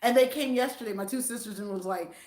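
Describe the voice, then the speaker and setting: An older woman with a Southern US accent chatting on a live stream in an animated, preachy way. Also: on the high side, quick pace, roomy sound. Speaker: vlogger. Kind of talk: casual live-stream chat.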